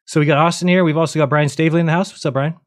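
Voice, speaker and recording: A man's voice: a little high, steady tone, racing. Subdued male livestream host. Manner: subdued, hesitant, fixing tech while talking. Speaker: show host. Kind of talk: memorial livestream hosting.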